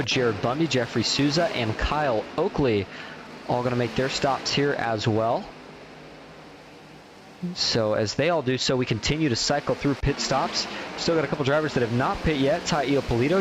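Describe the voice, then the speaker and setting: A man commenting on a simulated car race, play-by-play, with quick excited bursts whenever the action picks up. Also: mid-range voice, noisy background. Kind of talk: sim racing play-by-play commentary.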